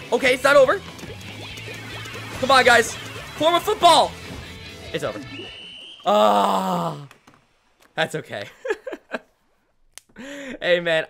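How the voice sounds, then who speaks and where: An excitable young man giving live commentary as he plays a video game, joking at his own expense and answering his chat. His voice swings widely, from low mutters up to eager high shouts. The tone is bright and forward. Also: vocal fry. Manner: excitable, self-deprecating, talks to chat. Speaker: streamer.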